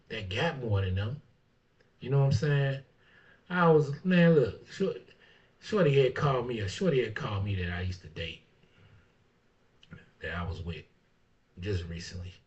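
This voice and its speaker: A man hosting his own talk show, speaking in a blunt, profane way, filling his talk with "man" and swinging from low mutters to heated rants. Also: a little mellow, far from the mic. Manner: blunt and profane, fillers of "man" and "you know what I'm saying". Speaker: barber and show host. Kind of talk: casual talk monologue. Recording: dull lo-fi sound, speaker off-mic.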